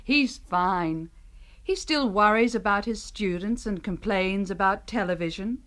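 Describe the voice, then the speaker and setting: An actress playing a kind, chatty young Australian wife in a scripted radio drama for English learners, speaking slowly and clearly. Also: female voice, mid-range voice, a bit bright, close to an everyday voice.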